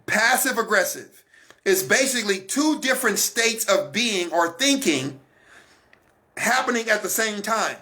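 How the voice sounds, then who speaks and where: High, bright-voiced man preaching. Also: animated, measured pace. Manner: emphatic, repetitive, coaching the listeners. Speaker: broadcast minister. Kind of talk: Christian teaching talk.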